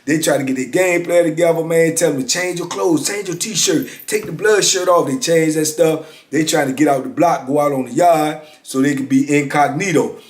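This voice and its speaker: A man in his fifties, a former prisoner, telling prison stories in a lively, casual street-talk monologue. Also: a little high, normal speed, few pauses. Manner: animated, vivid street storytelling with frequent "you know what I'm saying". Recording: roomy echo.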